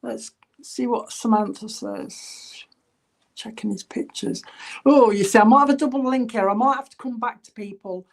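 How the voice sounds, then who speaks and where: Halting woman medium, higher voice. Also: vocal fry. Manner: halting, relays spirit messages with many ums; addresses viewers by name, chatty and reassuring. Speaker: spiritualist medium. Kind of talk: online church clairvoyance reading.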